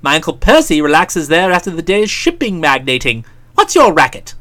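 A woman reading an audiobook who voices a breezy, chatty young English gentleman in a bright, jaunty manner. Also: deep voice, very animated, normal speed. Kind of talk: audiobook character voice.

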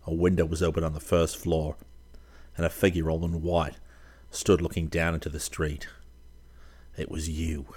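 A man narrating a first-person story in a measured, dramatic reading. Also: extremely low pitch, a little mellow. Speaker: audiobook narrator.

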